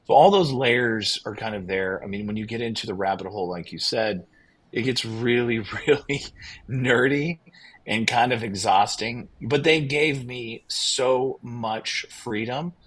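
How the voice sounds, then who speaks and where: On a podcast, a winery owner tells his story casually and with plenty of enthusiasm, rambling as he goes and quoting other people in lively bursts. His voice is medium-pitched, unhurried and husky, and the recording quality is low.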